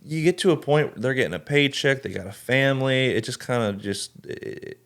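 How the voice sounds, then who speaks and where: A man's voice: mid-range voice, lively intonation, a little fast, fairly bright tone. A man who works as a tour photographer and videographer, talking earnestly in a casual podcast chat and often restarting his sentences.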